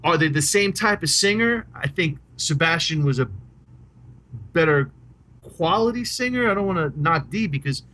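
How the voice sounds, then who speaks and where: A man's voice: fairly high pitch, expressive, moderate pace, sharp tone. A middle-aged man, chatting casually and enthusiastically as a podcast co-host, rambling and swearing freely. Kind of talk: casual chat about rock music.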